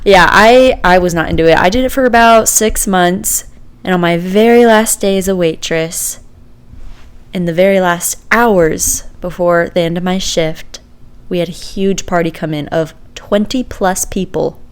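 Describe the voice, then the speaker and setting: A woman's voice: lowish voice, unhurried, clean tone. A woman co-hosting a podcast, telling a work story in casual chat, laughing often and acting out what people said. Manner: acts out quoted voices. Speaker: podcast co-host.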